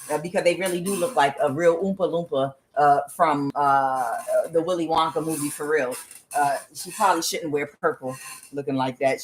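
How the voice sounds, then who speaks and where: A woman's voice: on the low side, rough recording. A woman giving a casual tarot reading, talking bluntly with profanity and drifting into rambling asides to her cat. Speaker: tarot reader.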